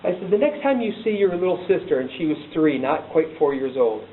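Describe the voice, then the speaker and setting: A man's voice: a little high, big pitch swings, fairly quick. A middle-aged man giving a heartfelt motivational talk, telling a personal story in an earnest, emphatic way. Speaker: motivational speaker. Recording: echoey, distant, tinny, hissy recording.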